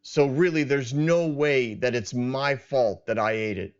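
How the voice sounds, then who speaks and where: A man's voice: mid-range voice, measured pace, clean tone, lightly acted. A man voicing the first woman as she defensively shifts the blame. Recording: dull lo-fi sound.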